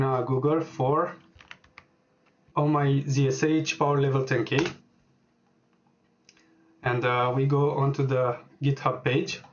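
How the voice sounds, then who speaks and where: A man walking through a software setup on screen, speaking hesitantly with many filler words as he types. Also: medium pitch, lo-fi sound. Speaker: programming tutorial host. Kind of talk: screen-recorded software tutorial.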